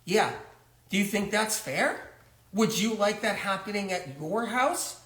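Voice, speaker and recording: A man putting on a high-pitched, frantic new mother of newborn twins, talking slowly as she pleads and complains on the phone, close to tears. The voice has a bright, tense edge and rings in a roomy, echoey space. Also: lively intonation, full character voice. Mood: indignant. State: tearful, near crying. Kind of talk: comedic one-man phone sketch. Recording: roomy echo.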